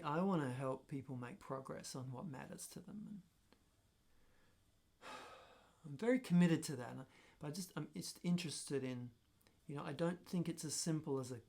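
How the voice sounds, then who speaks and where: A man's voice: on the high side, vocal fry, darkish tone. Musing man talking to camera. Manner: thoughtful, musing, self-questioning. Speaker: personal growth vlogger. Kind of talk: reflective solo talk to camera.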